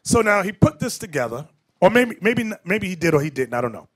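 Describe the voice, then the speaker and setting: Preaching as a bishop, a man teaches in an emphatic lecture style, breaking off into off-the-cuff asides. His voice sits slightly high and swings widely in pitch, sing-song, brisk and a bit bright.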